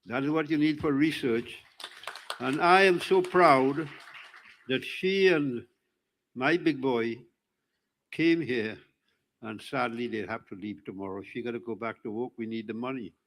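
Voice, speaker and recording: An older man from Trinidad and Tobago, a community speaker, gives a rambling, joking speech to an audience at a live religious event, using a handheld mic. His voice is mid-range and his pace moderate, and the recording is rough.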